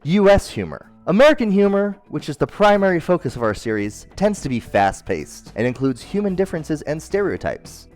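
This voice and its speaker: Comedy host, male, higher-pitched, bouncy delivery, dry punchlines over faint music. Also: no echo. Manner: deadpan jokey delivery with sudden character voices. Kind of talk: scripted comedic narration.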